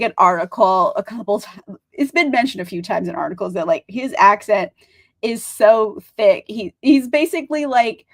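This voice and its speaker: Casting: talkative young woman, slightly high voice, rambling livestream chat full of fillers and laughs. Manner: chatty, rambling, laughs often, says "like" a lot. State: tired. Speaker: book streamer.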